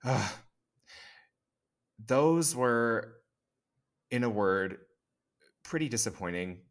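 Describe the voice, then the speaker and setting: A man's voice: medium pitch, animated, extremely slow. A man co-hosting a casual pop culture podcast, emphatic and opinionated, using colorful sayings. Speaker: podcast co-host.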